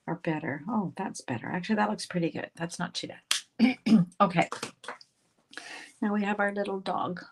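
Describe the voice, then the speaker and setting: A woman with a slightly low voice hosts a relaxed crafting livestream. She chats steadily as she works, drifting into quiet murmured asides, with a faint hiss and small clicks behind her. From Canada. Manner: chatty, talks while working, drifts into soft murmured asides. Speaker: craft instructor and livestream host. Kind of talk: casual livestream crafting tutorial.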